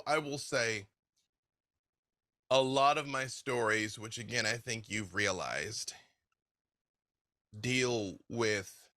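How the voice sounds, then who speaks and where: A man, a game master being interviewed, chatting casually and telling stories in an animated way, laughing often. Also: medium pitch, dry recording, studio quality.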